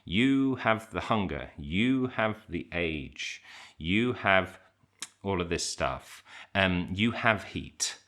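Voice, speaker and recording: A middle-aged man with a very low voice that still comes across bright and forceful. He talks casually and reflectively, thinking aloud, with plenty of fillers, false starts and restarts. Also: lively intonation, takes it slowly. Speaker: English teacher and channel host. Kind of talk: casual reflective talk to camera.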